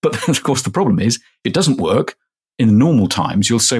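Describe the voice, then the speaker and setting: A man's voice: medium pitch, sing-song, a little fast, a little mellow, breathy edge. A middle-aged man, a professor, answering interview questions casually and explaining step by step with everyday examples. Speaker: guest, manufacturing professor.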